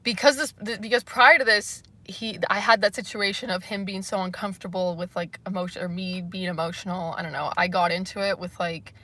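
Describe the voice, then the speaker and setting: A young woman from Canada chatting casually on a livestream, rambling through stories and reading comments, full of "like" and quick laughs. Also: mid-range voice, steady tone, pushed and bright. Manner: rambling, laughing often, lots of "like". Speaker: livestream host.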